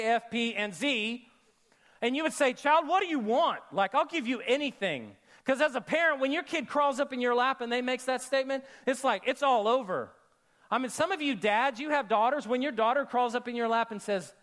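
A male pastor with a notably high voice preaches to a church congregation. He talks in an animated way, acts out the people he quotes, and sinks into hushed, intimate tones to drive home a point. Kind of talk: sermon.

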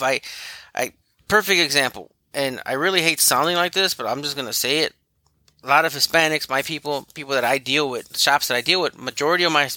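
A man's voice: fairly high pitch, bright, forceful tone, no echo. A man who runs an auto repair shop, telling stories in a loose, rambling way. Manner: loose, rambling, with frequent restarts. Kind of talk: casual storytelling chat.

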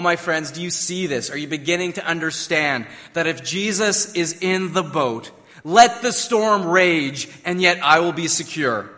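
A man's voice: on the high side, pushed and bright, long reverb tail. A man preaching a sermon, emphatic and full of rhetorical questions. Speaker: pastor.

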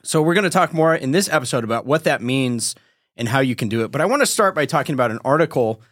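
A man's voice: mid-range voice, lively intonation, quick pace, fairly bright tone, dry recording, studio quality. A man hosting a podcast, earnestly addressing his listeners directly as he introduces the episode. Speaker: podcast host.

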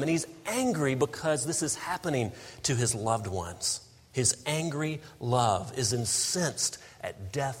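A man's voice: mid-range voice, breathy edge. Man preaching in a reverberant hall. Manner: preaching with rising emphatic bursts and slow weighty pauses. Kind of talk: sermon.

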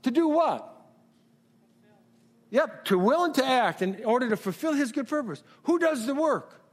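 A middle-aged man preaching a sermon as pastor, calling out questions to the congregation and building to shouts. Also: extremely high pitch, animated, normal speed. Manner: call-and-response preaching, rises to shouts. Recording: long hall reverb.

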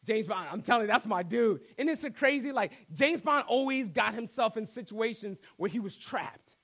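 A man preaching a sermon, animated and conversational, acting out quotes and cracking jokes. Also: high-pitched, normal speed. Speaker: pastor.

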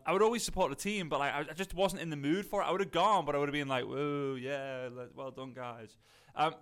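A man's voice: fairly high pitch, fairly bright tone. Male coach, Liverpool accent, casual motivational talk full of restarts. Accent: Scouse (Liverpool). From Liverpool area, England. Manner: chatty, rambling, frequent "right?" and restarts.

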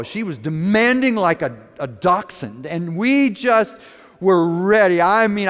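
A man preaching a dramatic first-person sermon, telling the story in character and moving from hushed to loud, animated delivery. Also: a little high, in a large hall. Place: room with an audience.

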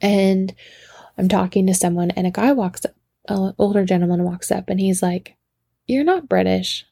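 A woman telling a casual story in an animated, laughing way, with frequent swearing. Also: mid-range voice, normal speed, creaky, slightly rough, no room sound.

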